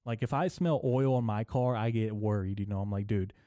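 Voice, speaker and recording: A young man hosting a comedy podcast, rambling through a profane, deadpan monologue full of filler words. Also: fairly low pitch, a little fast, no echo, studio quality. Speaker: podcast host.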